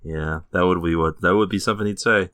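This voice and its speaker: A man's voice: sits low, fast, a bit bright, smooth, dry recording. A man hosting a casual comedy podcast about television, joking and laughing often with his co-hosts. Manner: jokey, laughs often, trailer-voice intro. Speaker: podcast host.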